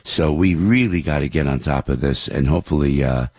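A man's voice: a bass voice, a little fast, darkish tone, breathy edge, no room sound, studio quality. An older man hosting talk radio, rambling through news headlines with opinions, many fillers and restarts. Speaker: radio show host.

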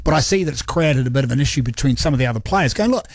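A man's voice: medium pitch, very fast, no echo. A man, chatting energetically about sport as a co-host. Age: 50s. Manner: excitable and energetic. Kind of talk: casual sports chat.

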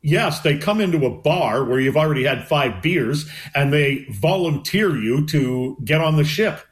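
An older veteran broadcaster hosting a casual talk show, relaxed and joking. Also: male voice, a little high, measured pace. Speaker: radio host.

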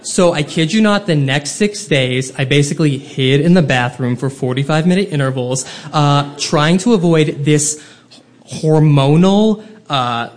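A man with a fairly high voice tells a funny personal story to a live audience from a stage. He talks in a comic, self-deprecating way and keeps the telling lively and animated. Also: a little slow.

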